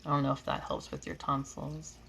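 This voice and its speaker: Her pitch is extremely low, yet she's very animated, talking fairly quickly with vocal fry and a fairly bright tone. She's a reiki healer in her thirties from New York with a slight Southern drawl, casually chatting on a live stream, reading and answering comments and laughing often. The air-conditioned home room adds a little hiss or hum.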